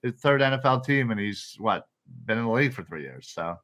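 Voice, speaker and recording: A man's voice: mid-range voice, animated, brisk, fairly bright tone. A man co-hosting a casual sports podcast, joking and trash-talking brashly. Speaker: podcast co-host. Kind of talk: casual panel chat.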